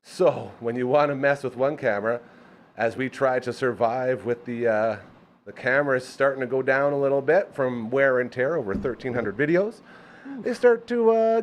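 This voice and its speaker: An upbeat man hosting a live show from a small studio, his voice swinging widely in pitch. He reads a sponsor spot with playful asides and jokes. He sounds like an animated, enthusiastic pitchman. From Canada. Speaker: host. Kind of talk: live show ad read and chat.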